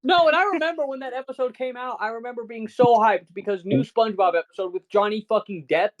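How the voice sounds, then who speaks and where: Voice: mid-range voice, fast, dull audio. A podcast co-host ranting in casual chat, swearing constantly and sounding incredulous.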